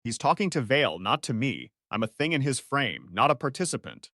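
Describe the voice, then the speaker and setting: A man narrating a first-person sci-fi story in short, clipped, analytical sentences. His pitch moves around a lot from phrase to phrase, and the recording is dry and close with no room sound. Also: huge pitch swings, a little fast, bright, forceful tone, no echo.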